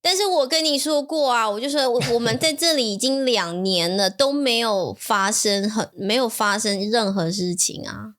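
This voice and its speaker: Wanita santai yang menenangkan. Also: female voice, on the high side, moderate pace, few pauses. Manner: relaxed, reassuring, laughs often. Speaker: podcast co-host. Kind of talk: casual bilingual chat.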